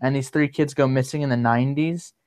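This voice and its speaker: A man chatting casually on a livestream as the host, his voice smooth and resonant. He rambles along, full of ums and restarts, at an ordinary middle pitch. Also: fairly even intonation, brisk, darkish tone. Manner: rambling, many fillers and restarts.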